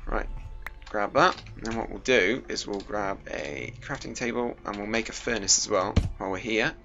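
A man's voice: lowish voice, moderate pace, creaky, background noise. A British teenage boy rambling and joking as he plays, sweating in the heat, with a muffled home recording and faint music behind him. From Britain. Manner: rambling, jokey, puts on silly voices. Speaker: gaming YouTuber. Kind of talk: casual Minecraft let's play commentary.

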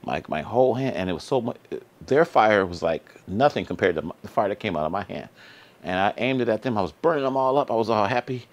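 A man with a deep, low voice talks straight to his viewers, telling a personal story in loose, slangy everyday speech. He is earnest and repeats himself for emphasis, and his voice jumps up high when he gets excited. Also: fast. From Sacramento area. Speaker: vlog host.

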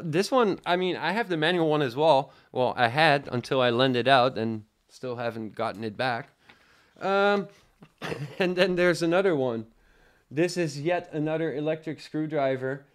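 A young Dutch man with a faint Dutch accent, hosting a casual live product review and chatting with viewers, rambling with lots of fillers. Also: fairly high pitch. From Netherlands. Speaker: tech livestream host.

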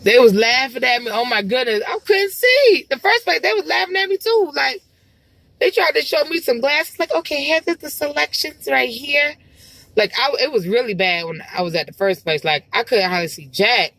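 A woman's voice: sits high, expressive, moderate pace, creaky, a bit bright, no room sound, rough recording. A woman vlogging from her car as she drives, chatting in a rambling, exclamatory way with sighs. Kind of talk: casual chat to camera while driving. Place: car, driving.

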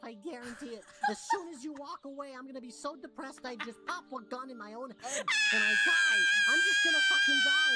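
A woman's voice: sits high, natural voice, low-quality recording. A woman voicing a tiny, cute alien townsperson in a video game, rambling and theatrically despairing. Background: game music.

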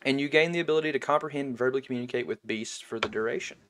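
A man narrating a tabletop game as game master, halting and restarting often. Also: mid-range voice, noisy background. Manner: halting, with many restarts and fillers.

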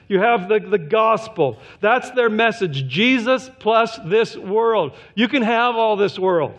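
Earnest high-voiced man preaching a sermon. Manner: earnest preaching, drops low and quiet for emphasis. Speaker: pastor. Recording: slightly dull, lo-fi church recording.

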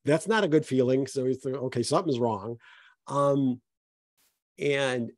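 A man's voice: mid-range voice, measured pace, no room sound, clean studio sound. A middle-aged man, an HR consultant, talking on a panel and acting out both sides of a tough workplace conversation. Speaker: HR consultant and speaker. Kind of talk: panel talk with acted-out workplace dialogue.

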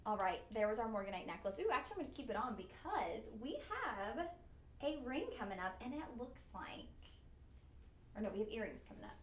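A woman's voice: on the high side, sing-song, a little fast, slight background noise. A woman hosting a live shopping stream, chatty, upbeat and a bit goofy. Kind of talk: live-stream jewelry selling. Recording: echoey studio room.

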